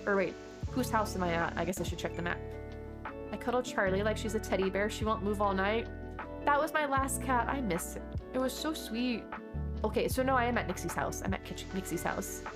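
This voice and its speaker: A woman's voice: medium pitch, brisk. A woman streaming a game from home, chatting casually and rambling through stories while answering her chat. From Texas. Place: home desk. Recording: chill music playing under the voice. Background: background music.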